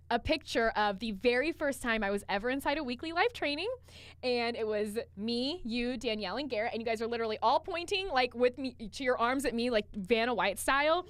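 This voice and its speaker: Woman, young adult, podcast co-host, fast, animated storytelling, casual swearing, dry recording. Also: a little high, dry recording. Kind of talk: casual chat.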